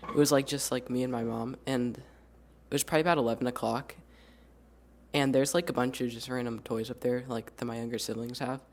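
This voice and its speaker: A man's voice: medium pitch, fairly even intonation, slight background noise. Teen boy, casual storyteller. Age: teens. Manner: unhurried, filler-heavy. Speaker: youth radio team member.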